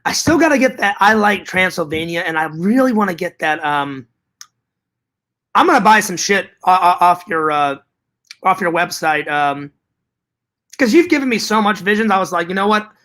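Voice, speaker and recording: A man's voice: sits high, expressive, normal speed, bright, forceful tone. A man vlogging to his viewers in casual chat, hyper and rambling, with joking profanity.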